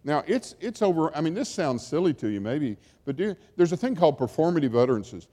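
A man's voice: fairly high pitch, very animated, a little fast, dark tone. A man preaching a sermon as a pastor, in a conversational storytelling way that acts out quotes. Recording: long hall reverb.

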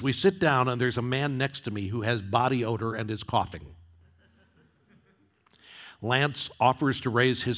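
Low-voiced preaching man, impassioned. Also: a bit bright. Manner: storytelling, building to impassioned exhortation. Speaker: pastor. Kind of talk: sermon.

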